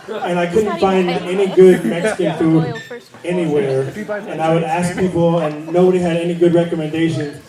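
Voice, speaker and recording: Stand-up man, relaxed storyteller, distant echoey club, audience laughter. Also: sits high. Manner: laid-back storytelling, with fillers and asides. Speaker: stand-up comedian. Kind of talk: stand-up comedy battle set. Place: comedy club stage. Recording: roomy club sound from far off, crowd.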